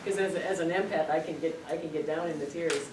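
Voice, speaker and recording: A woman's voice: deep voice, fairly even intonation, quick pace, over a noisy crowd. Woman teaching in an echoey room. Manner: storytelling, earnest, repeats words for emphasis. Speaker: spiritual speaker. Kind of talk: informal spiritual teaching to a group. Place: meeting room. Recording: echoey room, distant mic, noisy.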